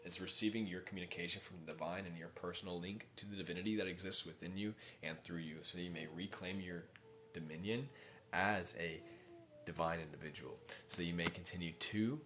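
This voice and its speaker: A man hosting a livestream tarot reading, reading cards slowly and softly, then turning loud and laughing with casual swearing. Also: sits low. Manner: swings from soft, slow reading to loud, laughing, profane outbursts.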